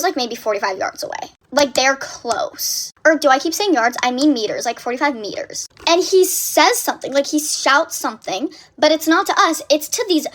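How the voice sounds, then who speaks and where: A young woman telling a story in a casual vlog, animated and breathless, packed with filler words. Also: sits high, slight background noise.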